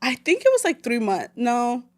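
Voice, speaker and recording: A woman from El Salvador, late twenties, speaks at normal speed with a fairly high pitch while telling a personal story as a podcast guest. She chats casually in an animated, slangy way, slipping in Spanish phrases.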